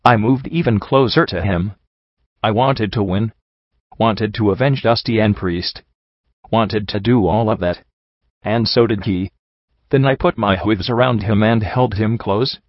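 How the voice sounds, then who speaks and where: A man narrating a first-person story in a steady, even reading voice. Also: on the low side, measured pace, no echo. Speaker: audiobook narrator. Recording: dry, slightly dull home recording.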